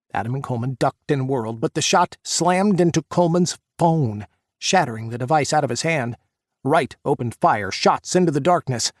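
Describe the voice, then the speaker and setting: Male audiobook narrator, mid-pitched voice, dry close recording, action scenes. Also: dry recording. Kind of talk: scripted narration.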